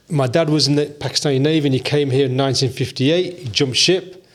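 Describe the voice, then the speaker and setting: A man's voice: mid-range voice, a little fast. A man in his fifties with a Leicester accent, rambling through stories as a podcast guest in casual chat. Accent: Leicester English. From England. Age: 50s. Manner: rambling, storytelling, loose slang.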